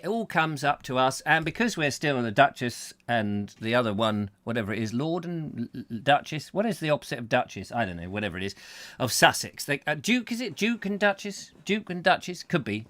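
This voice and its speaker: A man's voice: a little high, a bit bright. A man hosting a casual show, rambling and reading out comments, often breaking into silly songs and voices. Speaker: host.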